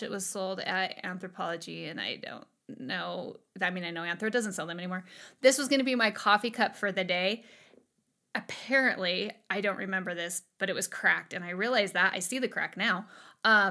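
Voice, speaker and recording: A woman in her thirties leads a relaxed livestream Bible study with a bright, forward voice. She is chatty and bubbly, wanders off on little tangents and laughs at herself before coming back to the point. Her pitch sits in the middle for a woman. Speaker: Bible teacher. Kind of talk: casual livestream Bible teaching.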